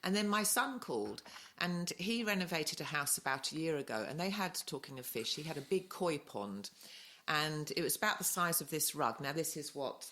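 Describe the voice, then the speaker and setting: A woman's voice: low voice, expressive, moderate pace, a bit bright. A middle-aged woman co-hosting a podcast, telling a story in casual chat and laughing often. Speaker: podcast co-host.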